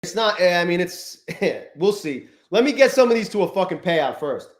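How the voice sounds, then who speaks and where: A man's voice: sits high, sing-song, normal speed, echoey room. A man hosting a live stream, chatting casually and profanely, rambling and greeting viewers in the chat. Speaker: livestream host.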